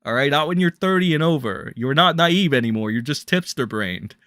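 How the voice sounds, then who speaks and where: A man's voice: a little high, animated, fairly quick, no room sound, studio quality. A young man ranting bluntly and crudely as a drama commentary streamer on a livestream. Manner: blunt, crude, ranting with sudden loud jumps.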